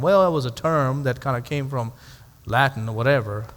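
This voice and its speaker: A man's voice: mid-range voice, moderate pace, few pauses, fairly bright tone, big-room sound. A male pastor teaching a Bible study to a live audience in a conversational way, asking rhetorical questions and adding dry humorous asides.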